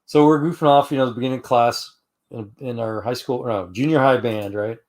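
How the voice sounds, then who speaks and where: A middle-aged man from Houston, hosting a casual fellowship chat. His voice sits at a middle pitch, and he rambles through stories with restarts, fillers and easy laughs. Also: steady tone, a little fast, a little mellow. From Houston, Texas, US. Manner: rambling, with many restarts and "you know"; laughs while telling stories. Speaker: host of an online fellowship chat.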